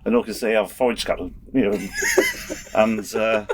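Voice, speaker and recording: A middle-aged man telling stories as a podcast guest, speaking haltingly with many restarts and chuckles. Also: lowish voice, huge pitch swings, background noise. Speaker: guest, race official and former soldier. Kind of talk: anecdotal storytelling.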